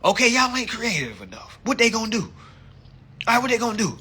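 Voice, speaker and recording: Bright husky man ranting, profane. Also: fast. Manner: animated, swings between low mutters and loud outbursts; heavy cursing, acts out quoted voices. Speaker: social media live streamer. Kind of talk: profane motivational rant.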